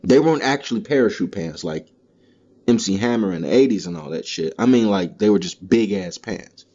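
Man, podcast host, comedic monologue, profane and animated, dull lo-fi sound. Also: fairly low pitch, fairly quick. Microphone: solo podcast mic.

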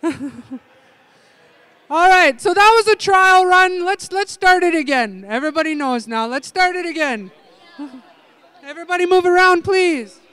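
A man leading a language-camp group game indoors, calling out playful, energetic instructions. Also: very high voice, measured pace, pauses often, no room sound, a faint crowd. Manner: energetic, playful, giving loud calls and instructions. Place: indoor room with tables.

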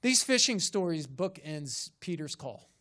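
A man's voice: a little high, sing-song, a little slow, bright, forceful tone. A man, a pastor, preaching a sermon and pressing his congregation with rhetorical questions and rising emphasis in a church sanctuary.

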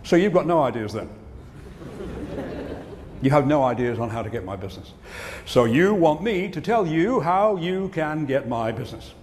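Guy cracking jokes at a conference keynote, kinda high voice, long hall echo, faint room noise. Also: sing-song, moderate pace, a little mellow. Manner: joke-telling, punchline delivery. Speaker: keynote speaker. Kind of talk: comic business keynote. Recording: reverberant hall, faint ambience.

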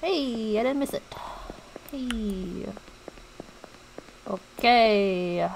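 A woman's voice: a little high, sing-song, takes it slowly, pauses often, fairly bright tone, a little hiss or hum, low-quality recording. A young woman streaming a game, chatting to her viewers and reacting jumpily as she plays. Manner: chatty, jumpy, talks to viewers while playing. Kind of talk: let's play commentary.

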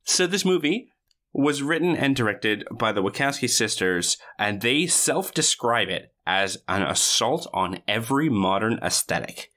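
A man guesting on a podcast, playful and animated, swearing for effect. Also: mid-range voice, measured pace. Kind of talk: casual podcast chat.

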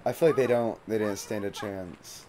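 A man's voice: lowish voice, normal speed, mellow, a little hiss or hum. A man streaming a video game live, chatting casually and swearing freely as he plays. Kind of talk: casual live gameplay commentary.

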